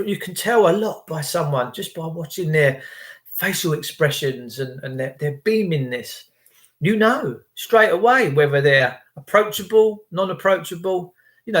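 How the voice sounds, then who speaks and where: A man's voice: fairly high pitch, fairly bright tone. A man hosting his own channel, talking in a casual, opinionated monologue. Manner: chatty, quotes people in their own voices. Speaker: channel host.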